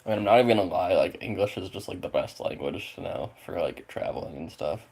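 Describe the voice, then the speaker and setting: A man with a very low voice and plenty of gravelly fry at the bottom of it. He talks casually with his viewers in a loose, rambling way, leaning on filler words and tossing in swear words without a thought. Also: expressive, fast, a little mellow. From Spokane, Washington, USA. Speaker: streamer chatting with viewers. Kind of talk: casual chat.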